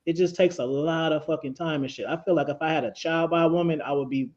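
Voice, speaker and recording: A man on a discussion panel rambles loosely and swears freely. His voice is a bit high for a man, and the recording sounds dull and lo-fi. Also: fairly even intonation, fast, a little mellow. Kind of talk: casual panel chat. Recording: dull lo-fi audio.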